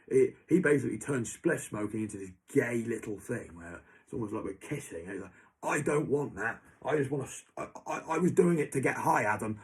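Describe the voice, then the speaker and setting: Husky, ranting young Englishman. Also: mid-range voice. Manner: ranting, heavy swearing, repeats a name. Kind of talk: angry monologue to an absent person.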